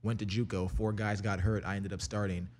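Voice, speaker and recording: Fast-talking young man, low voice. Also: a little hiss or hum. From Canada. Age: young adult. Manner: fast, energetic, profane storytelling. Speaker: interview guest, rapper. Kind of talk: casual storytelling.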